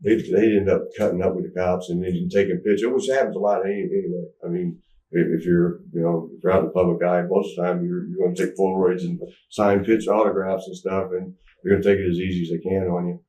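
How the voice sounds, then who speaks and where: Low dark-voiced man telling a story. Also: little pitch movement, quick pace. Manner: rambling, stop-start storytelling, acts out quotes loudly. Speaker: interview guest. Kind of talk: candid storytelling interview. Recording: echoey room, distant mic.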